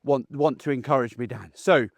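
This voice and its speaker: A man, a dog trainer giving a casual, animated lesson outdoors while acting out voices. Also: mid-range voice, moderate pace, creaky, dry recording. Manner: chatty and animated, acts out the dog's and owner's voices. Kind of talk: casual instructional talk.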